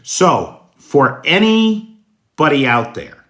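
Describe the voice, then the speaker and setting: An American man hosting a casual livestream news show, greeting viewers by name in a folksy, unhurried way. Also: fairly high pitch, big pitch swings, a bit bright. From United States. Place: indoors at night.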